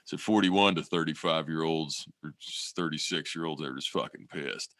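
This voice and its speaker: A podcast co-host with a bass voice and fairly bright tone speaks at a moderate pace in a clean studio recording with no room sound. His casual chat rambles, he swears a lot, and he often restarts his sentences.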